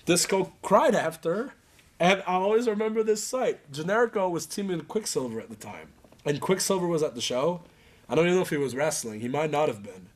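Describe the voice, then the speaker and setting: A man telling animated stories in a casual interview, acting out other people and laughing as he goes. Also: fairly high pitch, fairly quick. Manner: animated, acts out voices and laughs through stories.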